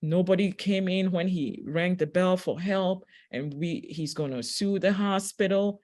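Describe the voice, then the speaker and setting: A woman giving a reflective spiritual talk, telling a personal story in a gentle, unhurried way with pauses and fillers. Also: lowish voice. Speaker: spiritual teacher; registered nurse.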